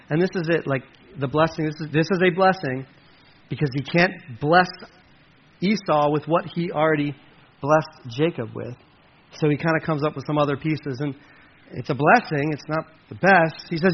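A preacher delivering a sermon in a loose, conversational manner, with quick jokey asides to his congregation. His voice sits fairly high for a man, and the recording is a little dull, with faint hiss underneath. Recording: slightly muffled with faint hiss.

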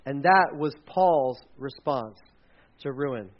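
Speaking at normal speed with a fairly high pitch, a male pastor tells lively stories during his church sermon and acts out the quotes. The recording sounds dull.

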